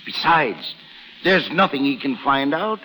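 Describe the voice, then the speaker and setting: A flustered, pompous sheriff. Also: male voice, a little high, sing-song, unhurried, pushed and bright, faint music behind, heavily acted. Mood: fussy, indignant. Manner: placating, stammering "now, now". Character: pompous, flustered small-town male sheriff. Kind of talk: 1930s radio drama acting. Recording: hissy old broadcast with long reverb.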